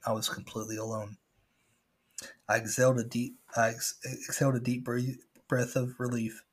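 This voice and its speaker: A man's voice: medium pitch, level tone, normal speed, slightly rough. A man reading a scary story aloud as a podcast host, with casual asides.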